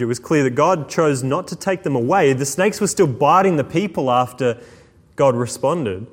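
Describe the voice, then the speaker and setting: A man preaching a sermon, swinging between slow, hushed emphasis and quick asides. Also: mid-range voice. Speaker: pastor. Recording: long hall reverb.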